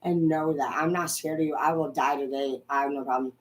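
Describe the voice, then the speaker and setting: A young adult woman from Washington state, angrily ranting to her viewers and swearing constantly, swinging between loud outbursts and low muttering. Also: steady tone, a little fast, poor audio. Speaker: vlogger. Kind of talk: profane ranting monologue.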